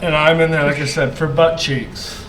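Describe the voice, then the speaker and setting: High-voiced, animated swearing storyteller, echoey room. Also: male voice, normal speed, a little hiss or hum. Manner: profane, animated storyteller, laughs often. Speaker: podcast guest. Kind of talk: casual storytelling. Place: podcast studio.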